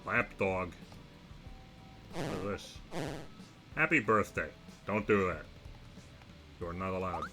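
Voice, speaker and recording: A man's voice: low voice, expressive, slow pace, long pauses, music in the background. A young man streaming a game, reacting with wry asides as he plays. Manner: wry, talks to himself while reacting to the game. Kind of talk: let's-play commentary.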